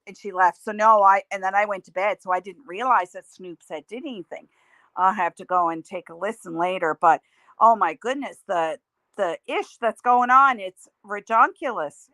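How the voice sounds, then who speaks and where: A middle-aged woman talks casually on her livestream, rambling from one thought to the next and reading out viewers' comments as she goes. Her voice is bright and a little high for a woman. The sound is dry and close, with almost no room around it. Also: expressive, measured pace, dry recording. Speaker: livestream host.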